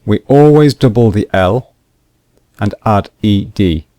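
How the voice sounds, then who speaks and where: A man teaching English grammar rules slowly and deliberately, repeating each point with examples. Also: on the low side, lively intonation, dark tone, dry recording, clean studio sound. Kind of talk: slow explanatory grammar lesson.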